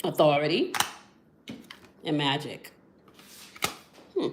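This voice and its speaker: A woman leading a spiritual tarot and sound-healing session, calm and instructive, often checking in with the listener. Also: low-pitched, slow, reverberant, background noise. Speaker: spiritual reader.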